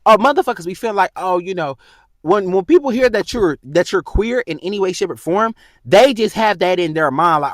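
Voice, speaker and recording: Fired-up young man ranting, lively pitch. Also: normal speed, no echo, clean studio sound. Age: 20s. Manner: heated, profane, talks straight to the viewer. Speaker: vlogger. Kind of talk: casual storytime rant.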